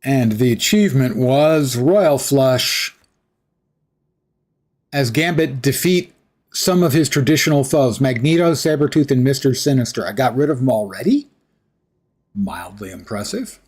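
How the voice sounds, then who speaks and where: A man's voice: mid-range voice, lively intonation, unhurried, a little mellow. A man giving casual, sarcastic commentary while livestreaming a game. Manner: sarcastic, wry asides to chat. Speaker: livestream gamer.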